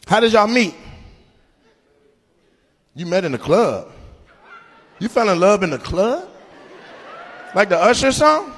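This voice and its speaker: Animated stand-up comedian roasting his crowd. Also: high voice, slow, long pauses. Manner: loud, animated, mocking, acts out voices. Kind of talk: live stand-up crowd work. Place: comedy club stage.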